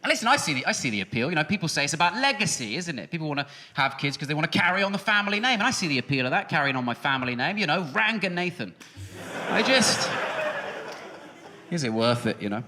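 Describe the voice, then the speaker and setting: A man's voice: on the high side, quick pace, slight background noise. A man, performing a sarcastic, punchy stand-up comedy set on the stage of a large music hall. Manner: animated, sarcastic, punchy delivery with shouted bits. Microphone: stage microphone.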